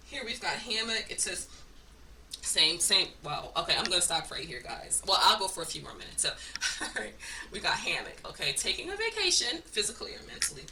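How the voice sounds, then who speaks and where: A woman's voice: mid-range voice, big pitch swings, brisk, pushed and bright, recorded from a distance, slight background noise. A woman giving a casual oracle card reading, blunt and profane, with frequent laughs. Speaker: spiritual card reader.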